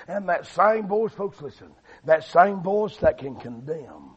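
A man preaching a fiery revival sermon, swinging between loud shouting and low, quiet delivery. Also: lively intonation, unhurried, husky. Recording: dull lo-fi recording.

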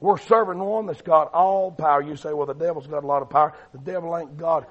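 A man preaching a fiery revival sermon, swinging between loud shouting and low, quiet delivery. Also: a little fast. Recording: dull lo-fi recording.

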